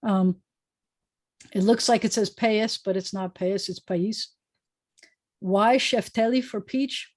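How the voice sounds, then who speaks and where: Over a video call, a woman rabbi gives a relaxed lesson, chatty and thinking out loud with plenty of fillers. Her voice is mid-range and a little mellow, at a measured pace, with no echo.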